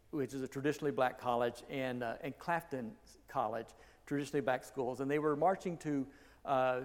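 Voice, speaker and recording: Guy preaching in a church, chatty, fixes his words midway, big echoey hall. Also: mid-range voice. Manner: conversational, self-correcting, rising emphasis. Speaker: pastor. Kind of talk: sermon. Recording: long reverb of a large hall.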